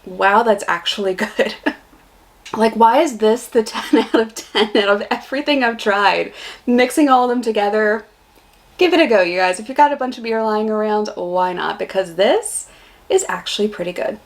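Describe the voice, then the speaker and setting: A woman's voice: medium pitch, expressive, moderate pace. A young American woman vlogging a casual beer taste test, chatty and blunt in her reactions. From United States.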